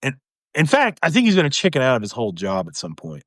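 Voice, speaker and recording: Now a fast talker, the man still speaks in a mid-range voice over a dry, clean studio recording. Hosting his live commentary show from home, he discusses politics animatedly, laughing and acting out others in mock voices.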